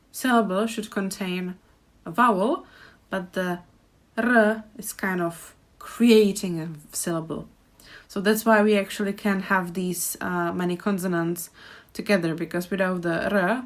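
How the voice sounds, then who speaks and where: Slow, careful woman language teacher. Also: mid-range voice. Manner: slow, careful, repeats phrases for practice. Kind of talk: pronunciation lesson.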